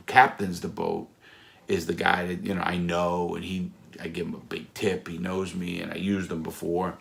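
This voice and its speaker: Gravelly low-voiced man telling stories. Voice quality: blunt, profane, animated storytelling. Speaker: storyteller recounting his past. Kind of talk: casual spoken anecdote. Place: Florida.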